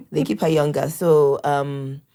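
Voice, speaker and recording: A woman's voice: deep voice, takes it slowly. A middle-aged woman, a podcast guest, telling family stories in casual conversation. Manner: warm storytelling, acts out family members' lines.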